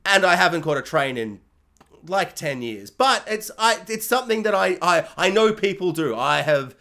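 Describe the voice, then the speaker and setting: A man with a high speaking voice talks through a show review in a loose, rambling way. He jokes, trails off and doubles back on himself mid-thought. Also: animated, normal speed, pushed and bright. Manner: rambling, jokey, self-correcting, puts on silly voices for characters. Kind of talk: casual spoken review.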